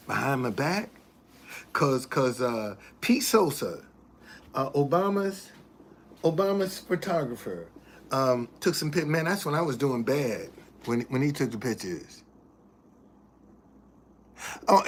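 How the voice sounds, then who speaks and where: A man's voice: a little high, a little hiss or hum. A man hosting a casual live stream, talking earnestly, repeating himself and thanking viewers as he goes. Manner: shows items to the camera while talking.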